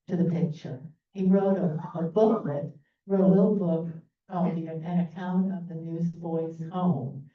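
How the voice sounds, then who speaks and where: A woman from New Orleans presents a history talk, chatty and unpolished, with fillers and little asides, her voice a bit low. She sounds far from the mic in a very echoey meeting room, through a thin, phone-like line.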